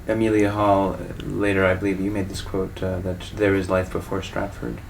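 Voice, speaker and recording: A male interviewer asking careful, halting questions. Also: deep voice, little pitch movement, creaky, slight background noise, poor audio.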